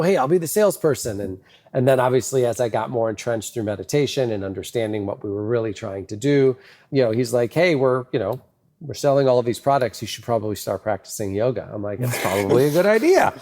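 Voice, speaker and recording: Soft-spoken reflective man with low voice. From Midwest US. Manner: reflective, many fillers, acts out quotes with a raised voice. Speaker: podcast guest. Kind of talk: casual interview talk.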